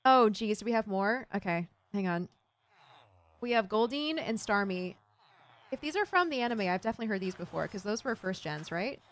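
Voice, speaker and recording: A young adult woman streamer chatting casually with viewers while playing a game, animated and giggly. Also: medium pitch, a little fast. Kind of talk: casual gameplay chat with viewers.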